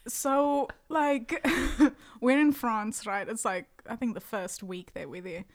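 Woman telling a lively story. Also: on the high side, slow. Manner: animated storyteller, acts out voices in quotes. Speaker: podcast guest, musician. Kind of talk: casual chat, storytelling.

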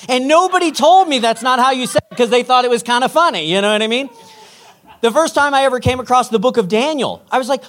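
A man preaching a sermon as pastor, telling a story in an animated way and acting out the quotes. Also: very high-pitched, a little fast. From Texas.

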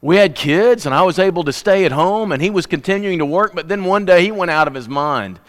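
Brief: lamenting abandoned wife, man doing the voice, high and smooth. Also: expressive, fairly quick. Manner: rambling, lamenting. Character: distraught abandoned wife and mother.

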